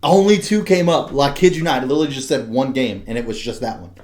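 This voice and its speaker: A man's voice: medium pitch, fast, a little mellow. A young man hosting a podcast, chatting casually, laughing often and swearing freely. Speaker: podcast host. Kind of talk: casual chat.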